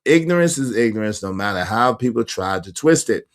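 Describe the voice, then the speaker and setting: A man's voice: lowish voice, lively intonation, brisk. A man hosting a casual livestream, reading viewer comments aloud in a slangy, emphatic way with speech and frequent laughter. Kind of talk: casual chat.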